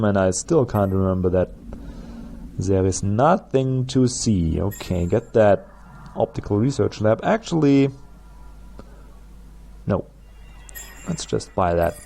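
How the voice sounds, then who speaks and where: A man's voice: lowish voice, gravelly, warm tone. A man with a German accent, a native German speaker, chatting through gameplay commentary as a let's play host and laughing at his own jokes.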